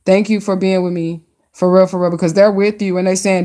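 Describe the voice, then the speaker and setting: A woman hosting a live stream and reading tarot cards for her viewers, chatty and excitable, with casual slang and drawn-out emphasis. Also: mid-range voice.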